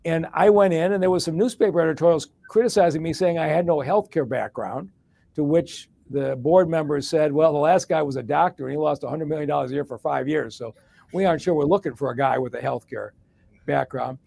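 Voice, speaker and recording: A man's voice: a little high, brisk, creaky, mellow, no room sound. A middle-aged man from Detroit answering an interview question in a long, plain-spoken story. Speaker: guest, former hospital executive and mayor.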